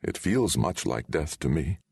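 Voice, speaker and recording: A man's voice: a bass voice, lively intonation, measured pace, creaky, darkish tone, slightly rough, no room sound, studio quality, full character voice. A man voicing a weary male king who speaks in a formal, stately way. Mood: dazed, bewildered.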